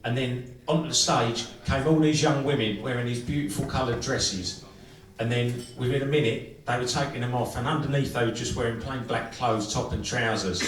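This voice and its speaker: A man's voice: mid-range voice, steady tone. Swearing man telling a story on a club stage. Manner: crude and swearing, dry and unhurried. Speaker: comedian and singer. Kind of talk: stand-up storytelling. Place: live music club stage. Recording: echoey club room from far off with music.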